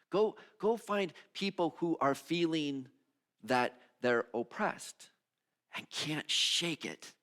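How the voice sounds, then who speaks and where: A male minister giving a sermon in a conversational, expressive way, moving between hushed moments and emphatic ones. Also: mid-range voice. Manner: conversational, with restarts and repeated phrases.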